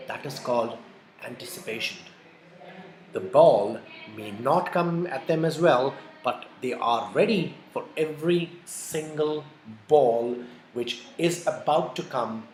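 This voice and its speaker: A man giving a lively exam-prep lecture, repeating his key points and calling his listeners folks. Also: mid-range voice, a little hiss or hum. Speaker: IELTS teacher. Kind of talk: classroom-style lecture. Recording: echoey room with faint ambience.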